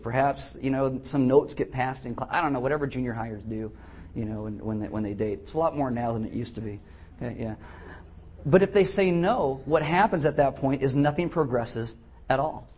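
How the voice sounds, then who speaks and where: A middle-aged man preaching a sermon as pastor, animated and acting out the voices he quotes. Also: medium pitch, breathy edge.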